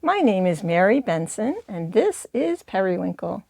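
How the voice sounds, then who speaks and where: A woman's voice: medium pitch, sing-song, moderate pace, gravelly, a little mellow, dry recording. A woman hosting a puppetry channel, explaining puppet techniques in an encouraging, teacherly way. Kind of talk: instructional video.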